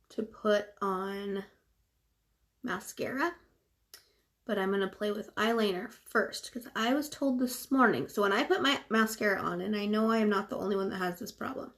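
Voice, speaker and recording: A woman from California chatting casually through a livestream while she does her makeup, rambling with lots of fillers. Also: mid-range voice.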